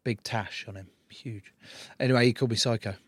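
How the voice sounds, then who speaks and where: Joking rugby player, dry sound. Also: male voice, mid-range voice, fairly even intonation, fairly quick, breathy edge, no echo. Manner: jokey storyteller, swears, acts out quotes. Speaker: professional rugby player, guest. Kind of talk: casual interview chat.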